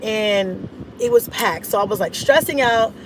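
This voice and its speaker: A woman vlogger telling a casual story in an animated, dramatic way, acting out her own thoughts. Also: mid-range voice, unhurried, noisy background. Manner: animated, dramatic retelling with laughs and voiced-out inner thoughts. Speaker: mom vlogger.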